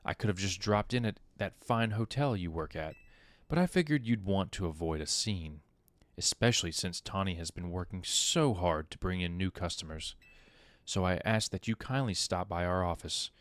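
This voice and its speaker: Deep-voiced polite menace, a game mobster's phone call, read by a man. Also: no echo, lightly acted. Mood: menacing polite. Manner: politely threatening, measured. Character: smooth, menacing adult male loan-shark caller.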